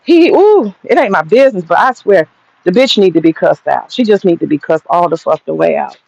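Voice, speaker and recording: A woman's voice: lowish voice, expressive, a little fast, gravelly, a little mellow, husky, no room sound, lo-fi sound. An American woman hosting a livestream, ranting bluntly and profanely while reading the chat. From United States. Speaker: livestream host.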